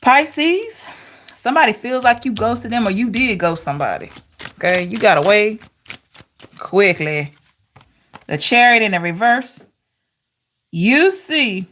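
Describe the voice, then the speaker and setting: A woman giving a casual tarot reading to camera, talking in an expressive, chatty way with rhetorical questions. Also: medium pitch, unhurried, long pauses. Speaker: tarot reader.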